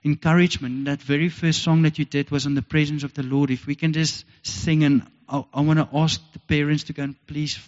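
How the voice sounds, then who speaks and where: A man's voice: on the high side, flat delivery, brisk, hardly any pauses, darkish tone. An earnest South African man preaches a heartfelt sermon, circling back to the same phrases. His voice carries a long reverb through a church hall. The recording is dull and lo-fi. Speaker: pastor.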